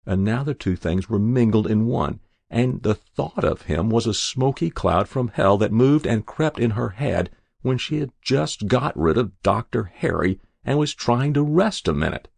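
A man narrating a literary short story in a measured, expressive way. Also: on the low side, creaky, no room sound. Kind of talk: scripted narration.

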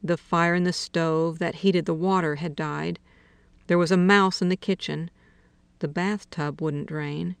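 A woman reading a literary short story aloud in a slow, measured way, dropping to a hush for quiet dialogue. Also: lowish voice, fairly even intonation, creaky, smooth, no echo. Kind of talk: audiobook narration of literary fiction.

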